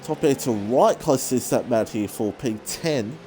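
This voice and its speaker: Male esports race caller, lively swooping pitch, excitable with self-mocking asides, faint game car noise underneath. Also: normal speed. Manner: excitable, voice jumps high in close battles. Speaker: race commentator. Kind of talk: sim racing commentary.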